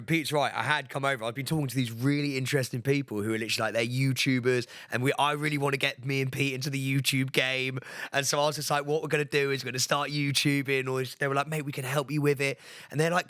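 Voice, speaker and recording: A man co-hosting a podcast, telling a story with excited, animated energy and a British accent. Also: a little high, no echo, studio quality. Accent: British English. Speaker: podcast co-host. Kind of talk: casual podcast chat.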